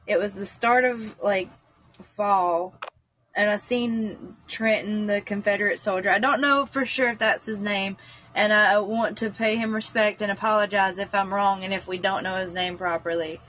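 A woman's voice: mid-range voice, steady tone, normal speed, a bit bright. A woman, a guest earnestly recounting a personal story, rambling with frequent fillers. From North Carolina, US.

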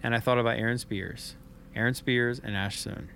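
A man co-hosting a podcast, telling a story in an earnest, reflective way, often halting and repeating his words. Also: mid-range voice, a bit bright, a little hiss or hum. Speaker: podcast co-host.

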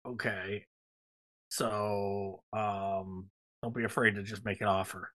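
A man's voice: on the low side, flat delivery, slow pace, fairly bright tone. A man co-hosting a casual podcast chat, rambling enthusiastically with lots of fillers. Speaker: podcast co-host.

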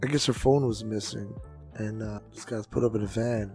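Podcast co-host, male, gravelly and profane, hypes up his stories with acted-out voices and faint music underneath. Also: fairly low pitch, fairly even intonation, moderate pace. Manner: loud, profane, acts out voices with big swings. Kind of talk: casual podcast storytelling.

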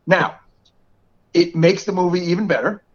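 A man's voice: sits high, moderate pace. A man in his forties with a New York area accent, co-hosting a podcast in casual chat and laughing often. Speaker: podcast co-host. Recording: dull lo-fi podcast audio.

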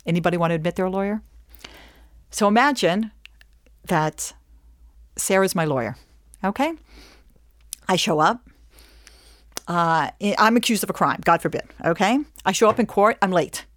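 A woman giving a humorous teaching talk to a group. She tells stories with lots of animation, acts out bits of dialogue and keeps checking in with her listeners. Her pitch sweeps widely, and the recording is dry and close. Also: no echo. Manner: rhetorical questions, frequent "okay?". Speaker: speaker.

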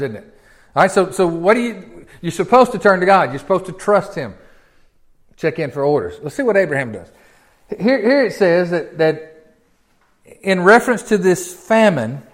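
A man preaching a verse-by-verse Bible sermon. His voice sits a bit high for a man. He keeps it folksy and chatty, checking in with the congregation through rhetorical questions. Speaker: pastor.

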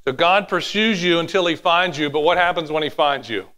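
A man preaching a sermon, animated, sometimes dropping to a hushed tone and acting out little quotes. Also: on the high side, fairly quick. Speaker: pastor.

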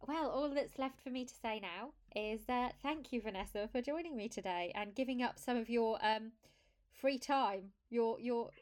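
A woman's voice: on the high side, moderate pace, darkish tone. A woman hosting a podcast, leading a casual interview with fillers and restarted phrases. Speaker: podcast host.

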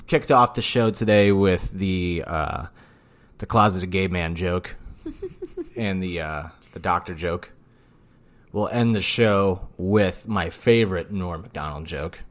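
A man with a low voice co-hosts a casual podcast. He talks bluntly, teases his co-host and slides into ranting. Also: takes it slowly. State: out of breath. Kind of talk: casual chat.

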